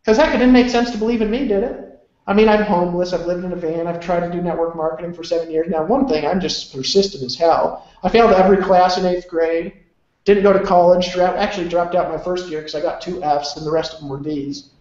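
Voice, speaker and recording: Speaking quickly in a high, somewhat dark voice with fairly even intonation, this man delivers a rambling motivational talk. He's emphatic and salty, tossing in casual swears. Heavy echo and a dull lo-fi room tone color the recording.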